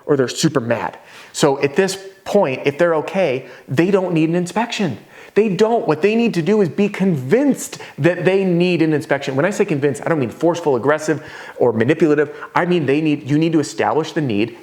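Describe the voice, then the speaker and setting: A man teaching roofing sales at a whiteboard in a casual, energetic way, now and then acting out homeowners' voices. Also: fairly high pitch, fairly quick. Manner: casual, conversational teaching with asides.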